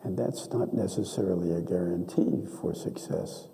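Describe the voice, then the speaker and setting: A man's voice: deep voice, moderate pace, gravelly, mellow, a little hiss or hum, low-quality recording. An older man giving a folksy, homespun speech at a ceremony, telling a family story and offering advice. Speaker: ceremony speaker, donor. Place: auditorium.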